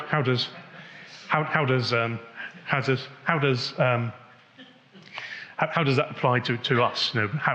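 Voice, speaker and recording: A man's voice: fairly low pitch, bright, forceful tone, lo-fi sound. A man giving a technical conference talk, rambling with many restarts and fillers. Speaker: conference speaker. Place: conference hall.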